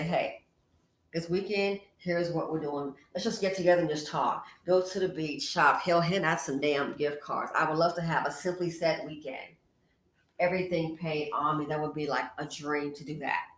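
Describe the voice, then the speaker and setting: Frank, chatty woman in an echoey room. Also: fairly low pitch. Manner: frank, chatty, talks straight to her female viewers. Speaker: channel host. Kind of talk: casual commentary vlog.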